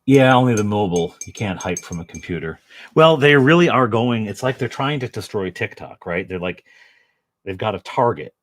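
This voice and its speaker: Here a man with a lowish, expressive voice paints miniatures at home at a moderate pace, hosting a loose, chatty session for his channel. He rambles and teases himself with joking asides.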